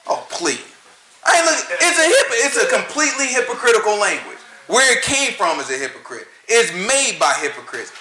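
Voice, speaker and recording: Southern guy going off, bright sharp voice, preachy and argumentative, echoey room. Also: high-pitched, a little hiss or hum. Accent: Southern American. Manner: preachy, argumentative, rhetorical questions, laughs at own points. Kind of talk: casual ranting monologue.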